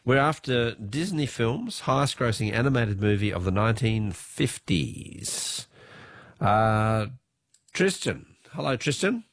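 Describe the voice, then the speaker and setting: Australian man, quiz host, animated intonation, dry close sound, fighting a cold, jokey. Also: mid-range voice, takes it slowly, gravelly, no room sound. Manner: jokey, chatty, laughs often. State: has a cold, voice lower than usual. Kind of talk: talkback radio quiz.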